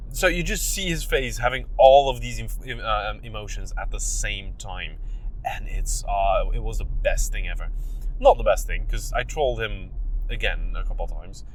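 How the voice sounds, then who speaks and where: A young man hosting a solo podcast, telling a story in a casual, animated way. He acts out the people he quotes and laughs often. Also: lowish voice, normal speed, slight background noise. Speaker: podcast host. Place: in a car.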